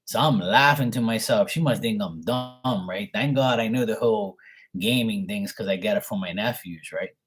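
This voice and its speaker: A man's voice: fairly low pitch, normal speed, faint music behind. A man, a show host telling a story in a blunt, profane and amused way. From Bermuda. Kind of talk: casual storytelling.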